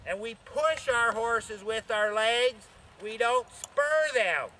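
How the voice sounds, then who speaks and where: Against slight background noise, a man with an extremely high, expressive voice, pushed and bright, speaks slowly while giving riding lessons on horseback outdoors. He counts strides aloud and checks in with those listening.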